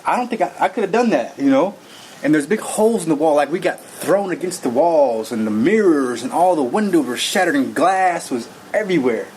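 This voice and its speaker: A man's voice: on the high side, expressive, fairly quick, a little mellow, slight background noise, poor audio. A man recounting a personal experience in an earnest, rambling way, full of fillers and restarts. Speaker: guest telling his story. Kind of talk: personal testimony.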